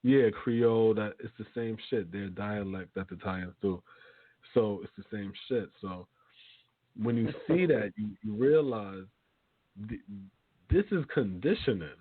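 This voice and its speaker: A man's voice: fairly low pitch, expressive, measured pace, slightly rough, dry recording. A man hosting a radio talk show, speaking loosely and profanely with lots of fillers and restarts. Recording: tinny phone-like line.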